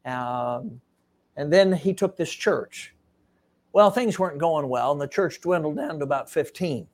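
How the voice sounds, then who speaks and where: A man preaching a sermon, telling a revival story with lots of fillers and dropping to a hush for emphasis. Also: fairly high pitch, measured pace. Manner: animated storytelling with frequent fillers, drops to hushed tones for emphasis.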